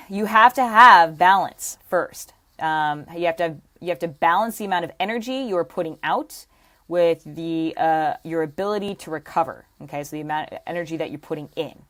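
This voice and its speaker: A woman with a low, deep voice explains fitness to camera as a coach. She talks emphatically, repeating key ideas and tagging them with "okay?" and "right?". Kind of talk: teaching to camera.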